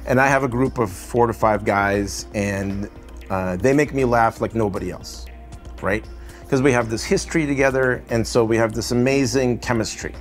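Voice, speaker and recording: A man's voice: mid-range voice, moderate pace, soft background music. A middle-aged man with a Russian accent, an animation director chatting casually in an interview, loose and rambling with lots of "you know" and "right?". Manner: rambling, filler-heavy, often adds "you know" and "right?".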